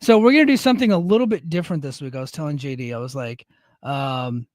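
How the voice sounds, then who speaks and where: Male co-host, easygoing chat, slightly high voice, dry close sound. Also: fast talker, darkish tone, no echo. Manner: easygoing, reads out chat names. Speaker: podcast co-host; Air Force service member in leadership. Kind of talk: casual chat.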